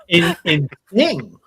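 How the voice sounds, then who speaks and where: A man's voice: on the high side, noisy background. A man hosting a casual group podcast, keeping time and laughing along with the panel. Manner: animated, laughing, calls time. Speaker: podcast host. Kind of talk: casual group game show chat.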